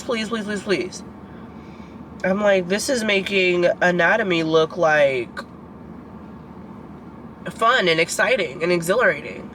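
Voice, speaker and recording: In a casual vlog, a 22-year-old woman who is both a student and a vlogger vents directly to her audience, her speech thick with fillers like "like" and "girl." She has a lowish, somewhat bright voice, and the poor audio has a faint hiss or hum.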